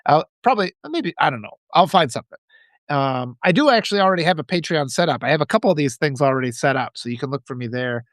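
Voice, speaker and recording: A man's voice: a little high, lively intonation, fast, fairly bright tone, no echo, clean studio sound. A man hosting a political livestream, reading viewer comments and ranting in a profane, riled-up way, with lots of restarts.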